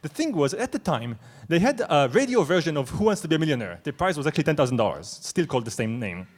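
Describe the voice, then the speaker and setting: A young man from Israel telling a true story on stage, animated, excitable and self-mocking. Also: a little high, fast. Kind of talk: live storytelling. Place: stage at a live event.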